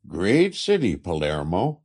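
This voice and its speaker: A man's voice: deep voice, wildly swooping pitch, slow pace, darkish tone, slightly rough, exaggerated voice. A man voicing a chatty, poor Italian immigrant laborer who speaks broken English with an Italian accent. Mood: eager. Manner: broken English, eager and talkative.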